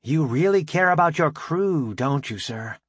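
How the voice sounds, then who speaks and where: A man's voice: on the high side, animated, measured pace, no echo. A man voicing a frank female starship engineer. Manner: crisp, formal military address.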